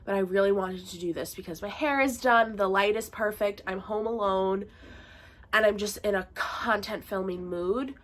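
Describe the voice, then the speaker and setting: A woman's voice: medium pitch, moderate pace, a bit bright. A young woman with a nasal, congested voice from a bad cold, chatting casually in a home vlog with lots of fillers. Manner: chatty, rambling, with frequent fillers. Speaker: vlogger. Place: bedroom at home.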